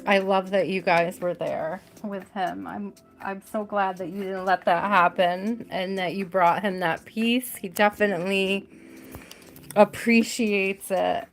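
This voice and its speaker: A woman giving a live tarot reading, gentle and emotional, repeating her words softly. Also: mid-range voice, fairly even intonation, a little slow, few pauses, soft background music. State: tearful at times. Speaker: tarot reader.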